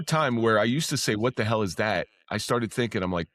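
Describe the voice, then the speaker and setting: Ex-cop guy on a podcast, low voice, dry close sound, swears, gets loud and high when excited. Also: brisk, few pauses, dry recording. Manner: candid, swears freely, pitch jumps up when excited. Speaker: podcast guest, former police officer. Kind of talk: casual storytelling.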